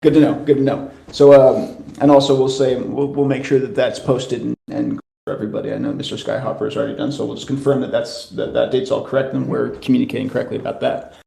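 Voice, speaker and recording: A man with a gravelly, fry-edged voice hosts a casual online voice chat. His talk is loose and slangy, full of fillers and false starts as he updates his listeners. His pitch sits in an ordinary middle range. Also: level tone, fast talker, few pauses, warm tone. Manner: laid-back, slangy, drifts through fillers and restarts. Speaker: host of a studio community call.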